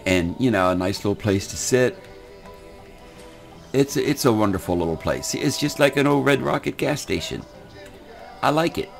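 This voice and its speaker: Older man, low-pitched, folksy rambling game commentary, faint music behind. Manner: folksy, rambling, repeats words. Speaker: gaming channel host.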